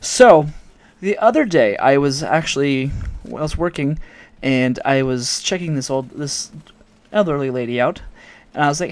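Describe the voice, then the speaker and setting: A man's voice: medium pitch, animated, moderate pace. A man from Oregon telling a story to his viewers in a rambling way, often correcting himself. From Oregon, United States. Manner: rambling, self-correcting, amused. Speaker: vlogger. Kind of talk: casual storytelling to camera.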